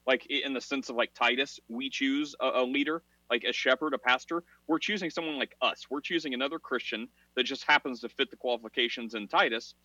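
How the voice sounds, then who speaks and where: A man's voice: medium pitch, a little fast, few pauses, pushed and bright, no room sound. A man co-hosting a casual religious discussion podcast, talking in long rambling runs full of fillers and laughing at himself. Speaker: podcast co-host. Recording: dull, dry podcast audio.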